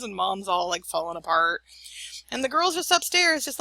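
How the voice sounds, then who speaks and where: A woman's voice: mid-range voice, moderate pace, sharp tone, dry recording. A middle-aged woman giving a recorded college lecture in a chatty, anecdotal way, often checking in with "right?".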